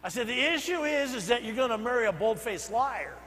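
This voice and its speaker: An older man, a senior pastor, preaching a sermon, telling stories and swinging between soft asides and loud emphatic bursts. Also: very high voice, animated, a little fast, in a large hall, slight background noise, rough recording. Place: church sanctuary.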